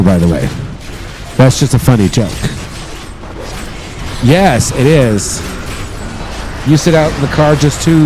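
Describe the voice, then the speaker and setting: A man's voice: mid-range voice, animated, slow pace, long pauses, warm tone, a little hiss or hum. A man chatting casually on a live stream, joking and swearing as he rambles.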